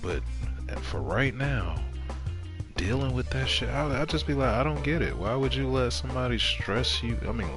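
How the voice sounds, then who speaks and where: A man streaming a game, telling rambling stories in casual, profane chat. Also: sits low.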